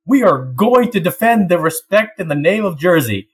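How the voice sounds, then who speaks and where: A man's voice: sits high, sing-song, moderate pace, pitched above the performer's own voice. A man loosely imitating a pompous prime minister who is grandly rallying the navy.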